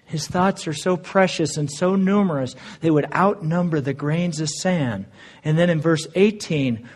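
Earnest, slightly high-voiced male preacher. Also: normal speed, a little mellow. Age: adult, married. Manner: earnest, conversational preaching with scripture readings. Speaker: pastor. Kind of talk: sermon.

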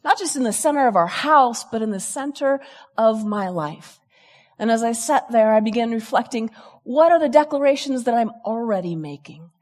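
A woman, a lively storyteller who acts out the people she quotes, telling a personal story to an audience. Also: fairly high pitch, normal speed, big-room sound. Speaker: speaker. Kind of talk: storytelling talk.

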